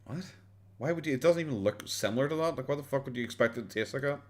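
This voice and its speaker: A man's voice: mid-range voice, racing, a little mellow, a little hiss or hum. A young Irish man commenting on videos during a live stream, sarcastic and rambling, swearing often and filling gaps with "like". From Ireland. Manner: sarcastic, swears freely, rambling with many fillers.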